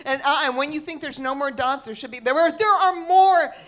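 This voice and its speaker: A woman's voice: sits high, fast talker. A middle-aged woman telling a comic story on stage, acting out the people in it. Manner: animated, quotes others with big shifts. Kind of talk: live storytelling.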